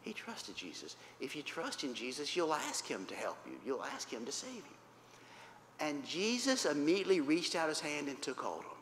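A man's voice: a little high, very animated, normal speed, fairly bright tone. A man teaching a Bible lesson to children, telling the story with animation, repeating points simply and checking in with "right?" and "okay?". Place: church hall. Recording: roomy reverberant hall, faint background noise.

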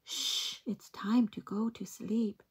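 A woman voicing a tired zoo zebra in a bedtime picture book, hushing the other animals in a soft whisper, a little higher than her usual voice. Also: fairly even intonation, slow pace, slightly rough, exaggerated voice. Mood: shushing.

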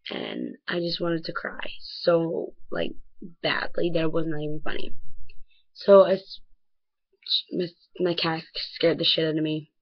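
A teenage girl vlogging casually in a rambling way, full of fillers and often dropping to a soft near-whisper. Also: low voice, big pitch swings, a little slow, dull audio. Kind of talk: casual bedroom vlog.

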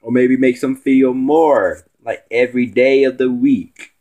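His warm voice holds a fairly even intonation and an unhurried pace. He's a substitute host on a casual vlog, rambling and teasing through a rant to his audience, his pitch swooping as he goes.

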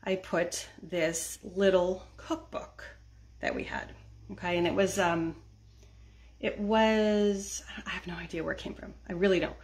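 With a fairly low, steady, slightly mellow voice at a measured pace, a middle-aged woman vlogs about decluttering. Her chat is relaxed and punctuated by laughter and frequent "right?" and "okay?" check-ins with her audience.

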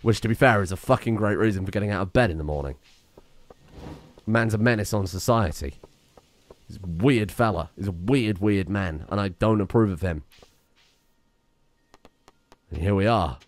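A man's voice: lowish voice, normal speed, long pauses. A young man giving casual, sweary, sarcastic commentary while streaming a farming game. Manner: sweary, sarcastic, animated outbursts. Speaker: gaming streamer. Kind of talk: casual let's-play commentary.

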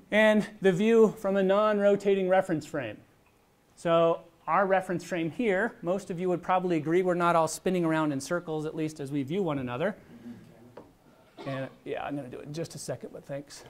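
A middle-aged man lecturing on physics in a lecture hall, explaining step by step in a conversational way with little asides. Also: high voice. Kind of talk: university lecture with live demonstration.

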